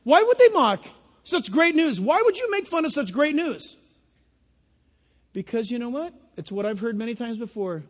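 A man preaching a sermon, lively and animated, acting out little voices and laughing at his own jokes. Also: extremely high pitch, normal speed. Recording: long hall reverb.

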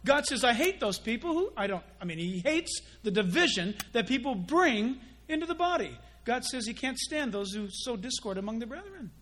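A male pastor preaching with a high, light voice. He moves between plain teaching and playful impressions of gossipers and showy prayers, always driving his point home. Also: normal speed, few pauses. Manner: animated, mimics gossips and pray-ers in quoted voices. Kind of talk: sermon.

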